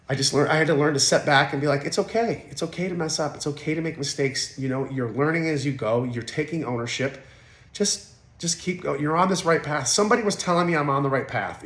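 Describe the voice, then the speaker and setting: A man's voice: medium pitch, a bit bright. A man in his forties talking candidly as an interview guest, blunt and emotional, with profanity and frequent restarts. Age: 40s. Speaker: podcast guest. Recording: roomy echo.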